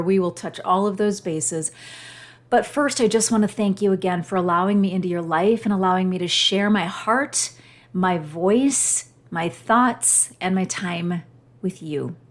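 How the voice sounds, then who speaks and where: A middle-aged woman hosting her own podcast, telling a personal story in a heartfelt, emotional way. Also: mid-range voice. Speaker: podcast host.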